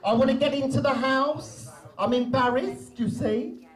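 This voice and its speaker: A man doing brassy, bawdy, camp stand-up comedy as a drag performer in a live venue. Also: unhurried. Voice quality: brassy, bawdy and camp, with big swoops up into falsetto. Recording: distant live-venue mic.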